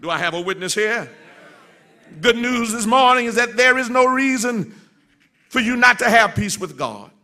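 Impassioned preacher man, high bright voice. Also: expressive, moderate pace. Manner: swings from soft and low to loud, shouted call-and-response. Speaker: pastor. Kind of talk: sermon.

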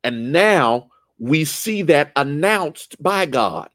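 A man leading a church Bible study, animated and lively, often rising in pitch and restarting his sentences. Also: takes it slowly, dry recording.

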